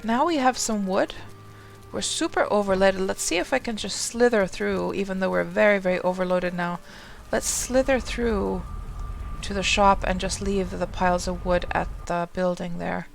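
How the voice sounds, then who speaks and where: A woman's voice: medium pitch, vocal fry, slight background noise. A woman streaming a game live, chatting casually in a rambling way, often talking to herself and greeting her viewers.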